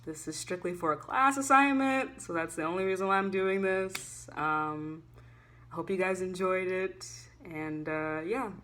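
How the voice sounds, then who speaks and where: A young woman telling a casual storytime vlog, chatty and animated, full of "like" fillers, swinging between loud and hushed. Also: on the low side, unhurried, a little hiss or hum. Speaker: student vlogger.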